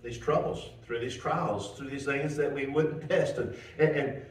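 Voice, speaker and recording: A male pastor preaching a sermon in a folksy, animated storytelling way, chuckling and restarting as he goes. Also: medium pitch, measured pace. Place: church. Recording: roomy church, mic at a distance.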